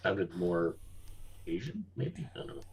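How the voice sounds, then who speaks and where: A man with a husky, lowish voice plays in a tabletop game. His remarks are dry and teasing. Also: very animated, unhurried. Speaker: player.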